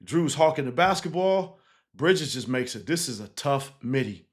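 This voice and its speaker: A man, a basketball coach, casually breaking down game film, animated and laughing easily, tagging points with 'right?'. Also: medium pitch, moderate pace. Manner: animated, keeps checking in with 'right?' and 'again'; laughs easily while explaining.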